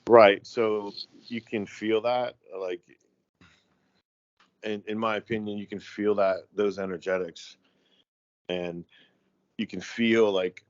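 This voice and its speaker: An American man talking as a guest in a casual chat, halting and rambling with many fillers. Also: lowish voice, steady tone, no room sound. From United States. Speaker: guest, tattoo artist. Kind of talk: casual conversation. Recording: dry, dull lo-fi audio.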